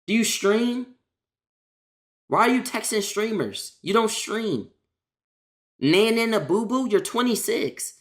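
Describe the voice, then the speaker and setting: A woman's voice: fairly high pitch, animated, takes it slowly, long pauses. A woman streamer talks straight to her chat in a loose, slangy rant. She is exasperated and keeps circling back to the same points.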